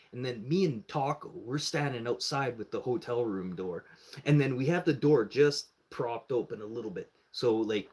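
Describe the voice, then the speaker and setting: Male streamer, mid-pitched voice, loose profane storytelling, jumps into other people's voices. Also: darkish tone, husky. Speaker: live streamer. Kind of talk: casual storytelling.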